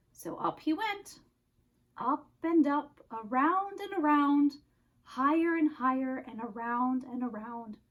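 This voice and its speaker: A woman reads a children's storybook aloud at an unhurried pace. Her voice is high and very lively, rising and falling with each turn of the story. She lingers on dramatic pauses. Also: rough recording. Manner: expressive, slow, dramatic pauses. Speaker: storyteller, counselor.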